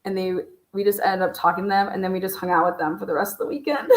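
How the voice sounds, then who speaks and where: A woman's voice: medium pitch, level tone, quick pace. A young woman hosting a livestream, telling casual stories in a profane, chatty way with frequent laughs. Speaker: livestream host. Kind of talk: casual storytelling chat. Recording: echoey room.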